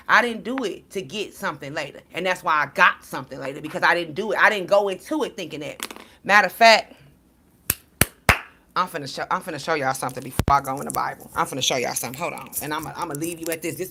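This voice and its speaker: A woman's voice: low-pitched, a little hiss or hum. A woman giving a casual livestream talk as a spiritual reader, blunt and profane, preaching to her viewers. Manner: animated storytelling to viewers.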